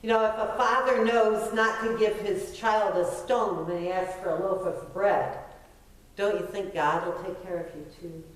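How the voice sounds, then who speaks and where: A woman's voice: mid-range voice, normal speed. A middle-aged woman pastor preaching a sermon in a conversational, self-deprecating way, pressing her points with emphasis. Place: church sanctuary. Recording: very echoey church from far off.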